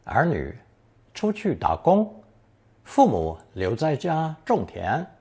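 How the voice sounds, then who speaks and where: A man narrating a scripted language lesson, slowly reading example sentences and then translating each one. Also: a little high, wildly swooping pitch, darkish tone, husky. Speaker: language teacher.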